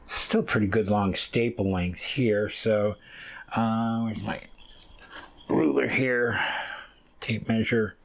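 His lowish voice has vocal fry and a steady tone, and he speaks slowly, pausing often. He's the host of a fiber arts channel, rambling through a casual hands-on tutorial full of ums and uhs while he reads and handles wool.

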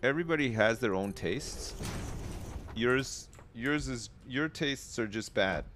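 British male streamer, sweary, dry sarcastic banter, lively swooping pitch. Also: takes it slowly, a little hiss or hum. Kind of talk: casual live game commentary.

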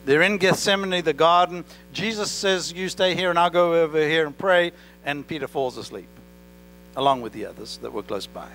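A pastor with an accent preaching a sermon in church, talking directly to the congregation and asking them questions. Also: male voice, a little high, moderate pace, fairly bright tone, faint music behind, poor audio. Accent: non-native English accent. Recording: faint mains hum. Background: mains hum.

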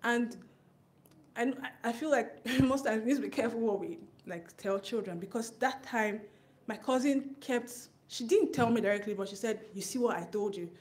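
A woman's voice: on the high side, a little mellow. Woman telling an earnest church testimony. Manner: earnest storytelling, quick asides, voice rising when recalling tense moments. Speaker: church member giving testimony. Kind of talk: personal testimony at a church service.

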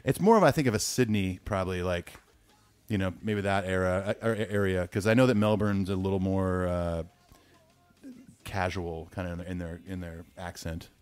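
A man's voice: low-pitched, moderate pace, a little mellow. A man co-hosting a podcast, chatting casually in an easygoing, agreeable way. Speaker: podcast co-host. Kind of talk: casual chat.

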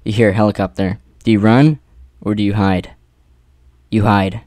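A man narrating an adventure story in the second person, with theatrical pauses and rhetorical questions. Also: on the low side, fairly even intonation, darkish tone, no room sound. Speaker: narrator reading an AI-written adventure.

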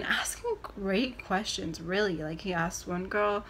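A young woman vlogger telling a story casually to the camera, acting out her own reactions with big swings between soft and loud. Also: medium pitch, unhurried, hardly any pauses.

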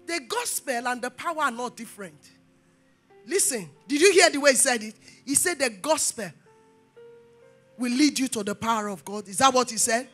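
A woman pastor preaches with a high, sharp, ringing voice, throwing questions to the congregation and swelling into shouts. Soft church music plays underneath her. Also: expressive, normal speed, pauses often. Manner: call-and-response preaching, rising to shouts. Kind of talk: sermon.

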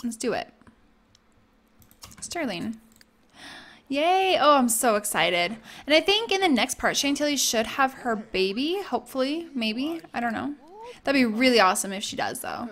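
A woman's voice: high voice, very animated, normal speed, fairly bright tone. A young woman giving casual, bubbly let's-play commentary, gushing and chatting with her viewers and characters. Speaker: gaming YouTuber.

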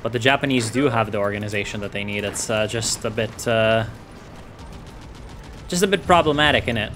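A man's voice: on the low side, a little fast, fairly bright tone, slight background noise. A man commentating a strategy game playthrough, swearing and complaining in frustration at how the battle is going. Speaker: gaming YouTuber.

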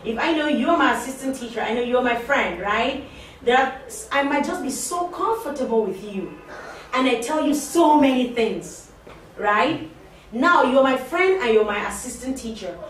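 A woman's voice: high voice, lively intonation, normal speed. A woman teaching a class of assistants, talking conversationally, repeating her points and questioning the class. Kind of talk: interactive classroom talk. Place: classroom or training room. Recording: very echoey room, distant mic, faint noise.

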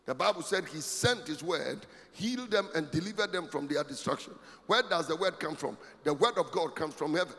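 A pastor preaching a sermon, emphatic and rising to shouts with a sing-song cadence. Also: male voice, a little high, lively intonation, brisk, few pauses. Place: church. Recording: long hall reverb, faint music.

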